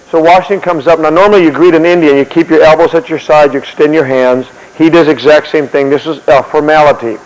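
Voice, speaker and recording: A man's voice: a little high, fast talker, hardly any pauses. Man preaching history with a long hall echo. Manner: animated, repeats and restarts words. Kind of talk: sermon-style history storytelling.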